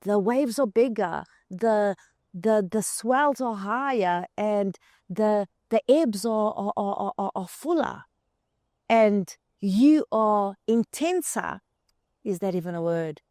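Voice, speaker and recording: A woman delivers a motivational spiritual talk straight to the listener, leaning on repeated words for emphasis. Her voice sits at an ordinary middle pitch. The recording is dry and close, with little room sound. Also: expressive, takes it slowly, a little mellow, no echo. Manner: addresses the listener directly as "you". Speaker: host.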